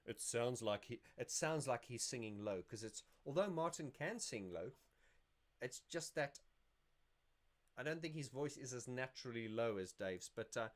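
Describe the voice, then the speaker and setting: A man's voice: medium pitch, lively intonation, moderate pace. A man hosting a casual livestream, answering viewer questions in a rambling, self-correcting way. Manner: rambling and self-correcting, sings snippets to illustrate.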